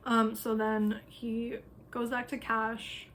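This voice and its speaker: A woman's voice: fairly high pitch, completely flat delivery, takes it slowly, a bit bright, slight background noise. A woman astrologer casually retelling a memoir, talking loosely with lots of "um" and "like" fillers. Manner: loose, filler-heavy talk with frequent "um" and "like".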